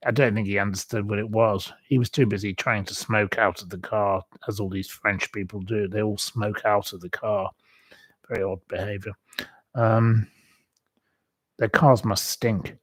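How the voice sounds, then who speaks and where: A man's voice: lowish voice, fairly even intonation, unhurried, husky, no echo. Rambling, chatty man. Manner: rambling and chatty, many ums and asides. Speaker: host. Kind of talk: casual livestream chat.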